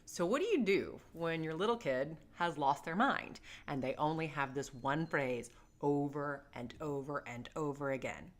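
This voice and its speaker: A middle-aged woman with a fairly low voice that swings widely up and down as she talks. She chats to camera about parenting in a joking, self-deprecating way, playing up her stories. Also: animated, moderate pace. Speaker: parenting vlogger. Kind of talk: casual advice to camera.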